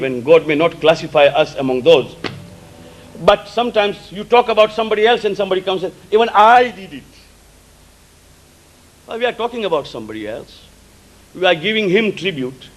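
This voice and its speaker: A male preacher whose first language is Gujarati, giving a sermon in an emphatic way, repeating key words and explaining terms slowly. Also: high-pitched, sharp tone, low-quality recording. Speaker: religious preacher.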